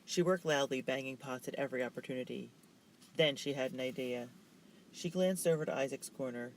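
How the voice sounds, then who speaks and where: A man's voice: medium pitch, brisk, slight background noise, rough recording. Man reading a children's novel. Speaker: narrator.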